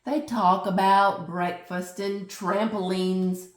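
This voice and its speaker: A woman reading a picture book aloud in an expressive, unhurried way. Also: medium pitch, distant mic. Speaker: storybook reader. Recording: roomy echo.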